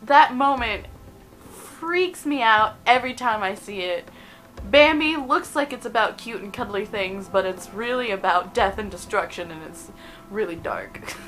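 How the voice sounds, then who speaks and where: Chatty young woman hosting a countdown vlog, bright voice, giggly. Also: on the high side, rough recording. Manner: chatty and animated, giggles between points. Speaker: video host.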